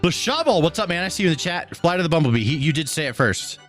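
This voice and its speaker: A man's voice: on the high side, sing-song, fast, fairly bright tone, faint music behind. Laid-back man chatting on a live stream. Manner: laid-back, chuckling, talks to chat. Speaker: streamer reading chat. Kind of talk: casual live-stream chat.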